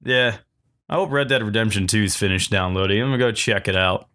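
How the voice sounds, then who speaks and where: A young man from Virginia telling a profane, self-mocking storytime, switching into animated voices for the people in it. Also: on the low side, a little fast. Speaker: storytelling vlogger. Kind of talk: casual storytime monologue.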